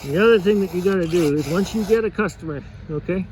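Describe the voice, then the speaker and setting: A man's voice: high-pitched, fast, background noise. A man who runs a fishing lodge, giving rambling, folksy work advice while sharpening a chainsaw, chuckling as he goes. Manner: folksy, chuckling, repeats and restarts often.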